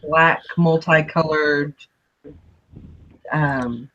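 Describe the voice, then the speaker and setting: A woman's voice: sits low, fairly even intonation, drawn-out words, fairly bright tone. A woman in a casual morning chat giving plain, matter-of-fact answers over dull lo-fi call audio.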